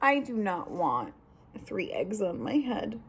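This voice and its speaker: A woman's voice: mid-range voice, big pitch swings, slow, slightly rough, full character voice. A woman voicing a worried, fussy male elephant in a storybook read-aloud, talking in an anxious, complaining way.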